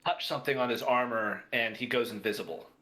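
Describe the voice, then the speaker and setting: A man's voice: medium pitch, brisk, bright, forceful tone. A man playing in a tabletop game, talking hesitantly and stammering. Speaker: player.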